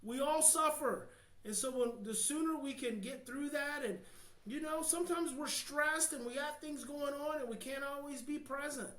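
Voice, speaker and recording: An American man, a guest expert on a podcast, talking passionately and earnestly, dropping to a hush and then building to emphatic points. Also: very high-pitched, reverberant, low-quality recording. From United States. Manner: passionate, slows down to near-hushed then swells with emphasis. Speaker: guest, child behavior expert. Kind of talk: podcast interview, earnest advice.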